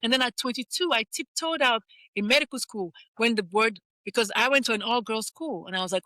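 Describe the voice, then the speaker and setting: Bright, animated woman storyteller. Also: a little high, brisk, no echo. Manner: animated, repeats phrases for emphasis. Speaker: pediatrician and life coach guest. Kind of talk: candid personal storytelling.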